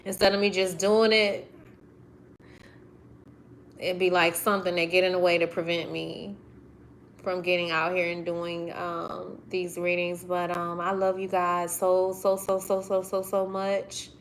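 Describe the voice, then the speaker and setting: A woman's voice: lowish voice, flat delivery, a little slow, slight background noise. A woman reading tarot cards on a livestream, talking effusively and getting emotional. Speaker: tarot reader.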